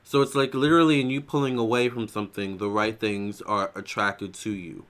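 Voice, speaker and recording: A man's voice: fairly low pitch, steady tone, brisk, clean tone. Chatty man doing a tarot reading. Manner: chatty, loose, with many fillers and restarts; prays softly. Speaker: tarot reader. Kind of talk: casual psychic tarot reading.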